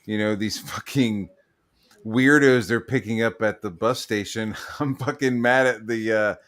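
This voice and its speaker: A man's voice: fairly low pitch, measured pace, fairly bright tone. Profane, laughing man in casual chat. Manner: profane, laughing, mocking impressions. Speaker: podcast host.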